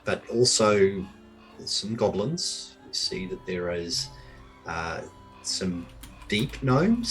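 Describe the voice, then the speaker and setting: A man narrating as game master of an online tabletop game, halting and full of restarts and fillers. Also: low voice, fairly bright tone, low-quality recording. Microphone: online call mic.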